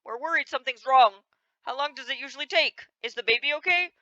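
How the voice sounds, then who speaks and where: A woman's voice: high voice, fast talker, sharp tone, no room sound, lo-fi sound. A woman voicing a worried expectant father in a hospital game scene, pleading anxiously for help.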